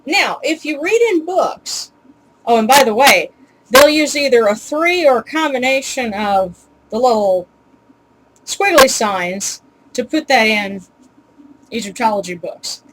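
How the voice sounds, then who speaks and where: Chatty woman with a high-ish voice. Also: animated, a little slow, a little hiss or hum, low-quality recording. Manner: chatty, with many ums and uhs; wry, mildly exasperated asides. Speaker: video host teaching pronunciation. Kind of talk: casual home tutorial.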